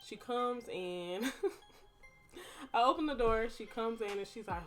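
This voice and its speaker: A woman's voice: medium pitch, measured pace, a bit bright, soft background music. A young woman, telling a personal story to her viewers in a chatty, dramatic way. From Texas. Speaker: vlogger. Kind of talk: casual storytime.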